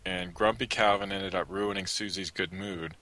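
A man's voice: sits low, steady tone, normal speed, sharp tone. A man co-hosting a casual chat, impatient and teasing with a sardonic edge. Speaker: podcast co-host.

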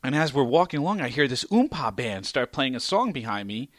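A middle-aged man co-hosting a casual comedy podcast, telling family stories and acting out quotes with sudden loud jumps. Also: brisk, few pauses, no room sound, clean studio sound. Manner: animated, acts out quotes with big pitch jumps. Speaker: podcast co-host.

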